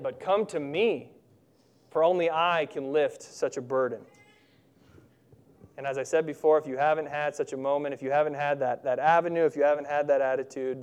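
A man preaches a sermon in a slightly high, smooth and clear voice. He is earnest and emphatic. He slows right down to press home the words that matter. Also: darkish tone.

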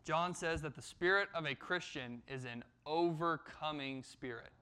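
A man preaching a sermon as a pastor, slowing down and lifting his voice when he quotes scripture. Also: a little high, sharp tone, clean tone. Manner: measured preaching, slows and lifts for scripture quotes.

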